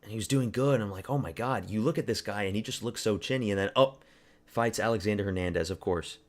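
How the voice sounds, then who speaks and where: A man's voice: on the low side, quick pace. A young man from Canada chatting casually on a live stream, rambling and crude, mocking fighters and talking to his chat.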